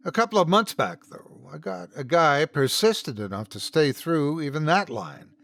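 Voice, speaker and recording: Male narrator for a first-person horror story, expressive and dramatic, somewhat high voice with lots of pitch movement. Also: normal speed, gravelly.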